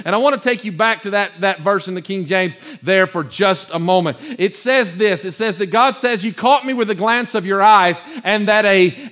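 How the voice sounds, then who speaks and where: A male pastor delivers a fervent sermon in a strikingly high, bright voice. He repeats himself as he builds and pushes toward near-shouts, speaking to a congregation in church.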